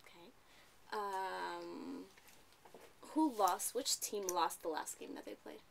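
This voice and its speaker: Young woman tutoring reading, patient, lots of questions, a bit gravelly. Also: fairly low pitch, takes it slowly, slight background noise. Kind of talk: one-on-one reading lesson.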